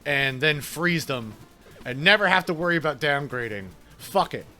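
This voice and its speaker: A man's voice: fairly high pitch, animated, normal speed, pushed and bright, soft background music. A man from New York with an Italian-American New York accent, chatting casually and laughing while streaming a game. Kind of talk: casual chat while gaming.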